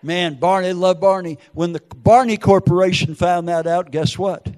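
Older male preacher, emotional testimony style, raised pitch. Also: steady tone, moderate pace, a little mellow, long reverb tail. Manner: emotional storytelling with acted quotes. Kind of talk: testimony sermon.

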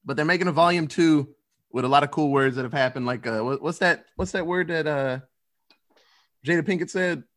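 A man's voice: fairly high pitch, a little fast, fairly bright tone. A man hosting a casual chat with friends, easygoing and laughing often.

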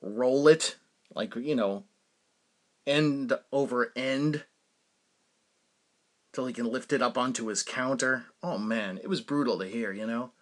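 A man in his forties runs his own podcast, speaking in a mid-range voice at a measured pace with frequent pauses. He spins rambling, animated stories in a relaxed monologue, laughing and using lots of fillers.

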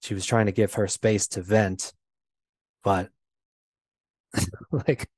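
Male interview guest, lowish voice, halting personal storytelling with lots of fillers, dry close sound. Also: fairly even intonation, a little mellow, no echo. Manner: halting, repeats himself, many fillers.

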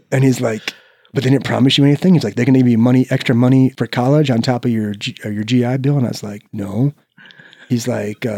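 A man from Iowa in his forties, a guest telling a story in casual chat, animated, swearing freely and acting out the people he quotes. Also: medium pitch, slightly rough, no room sound, clean studio sound. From Iowa, United States. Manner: swears freely, peppers speech with "right?".

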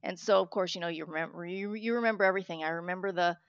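A woman's voice: on the low side, very fast, clear, resonant tone, no echo. Candid woman telling a heartfelt story. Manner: candid, heartfelt, talkative with restarts. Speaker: interview guest, author. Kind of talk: personal story in an interview. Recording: dull, lo-fi sound.

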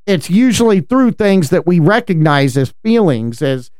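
An earnest man with a high, smooth voice talks through matters of faith in a casual, animated way, breaking into laughter now and then. The sound is dry and close, with no room around it. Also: normal speed, dry recording. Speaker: podcast co-host.

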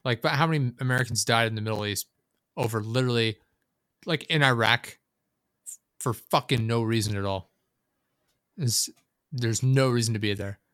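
A man's voice: medium pitch, moderate pace, long pauses, fairly bright tone, no echo, studio quality. A man hosting a casual talk show, speaking bluntly and rambling, swearing often. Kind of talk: casual chat.

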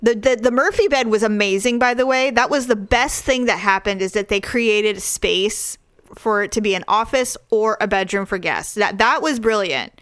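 A woman co-hosting a casual chat about a TV show, animated and outspoken, swearing and acting out quotes. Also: mid-range voice, normal speed, no echo.

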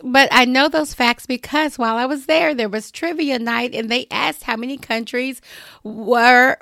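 A woman's voice: fairly high pitch, gravelly, fairly bright tone, no echo, clean studio sound. Chatty woman hosting a travel podcast. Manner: chatty, drawls "y'all". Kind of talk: casual solo podcast talk.

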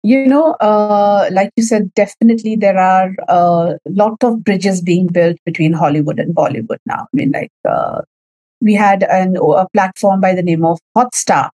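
A woman's voice: mid-range voice, sing-song, normal speed, warm tone, dry recording, rough recording. A woman with an Indian accent, a guest in a conversational interview, talking with many fillers and restarts.

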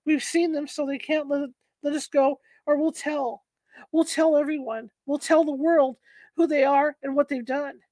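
A woman's voice: sits high, steady tone, normal speed, warm tone, no room sound, close to an everyday voice. A woman voicing a frightened woman stranded in the desert, pleading and anxious. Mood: panicked.

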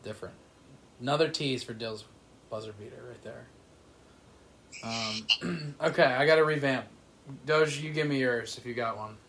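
Jokey animated young man. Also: medium pitch, moderate pace, pauses often. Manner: animated, jokey, self-deprecating. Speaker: podcast co-host. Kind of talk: casual sports podcast banter.

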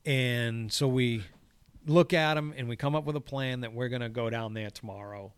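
A man's voice: medium pitch, steady tone, normal speed, clean tone, no room sound. A man, a golf course crew boss, telling a story in casual chat, swearing freely and acting out the quoted dialogue. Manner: profane, acts out quoted dialogue.

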